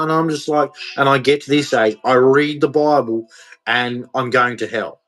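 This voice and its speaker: A man's voice: mid-range voice, normal speed, fairly bright tone, rough recording. A man, ranting in an emotional monologue to camera, repeating himself as he goes. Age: 40s. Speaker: vlogger.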